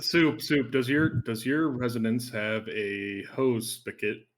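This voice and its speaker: A man with a naturally deep, booming voice, relaxed and loud. He jokes crudely and casually, chatting with friends before a game. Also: takes it slowly, crowd noise. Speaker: tabletop game player. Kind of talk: casual pre-game chat.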